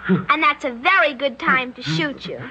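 A woman playing an eerie, polite little girl who calmly threatens a man, speaking in a prim, sing-song way in a radio drama. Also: high voice, moderate pace, lo-fi sound, a little hiss or hum, full character voice.

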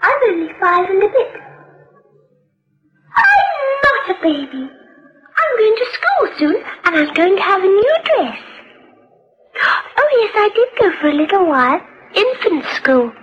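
An earnest little girl of five, chattering in a very high, bouncy voice. The radio recording is old and dull, with a lo-fi sound. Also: big pitch swings, a little slow, pauses often, exaggerated voice. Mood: innocent chatter. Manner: prattling, earnest, childlike.

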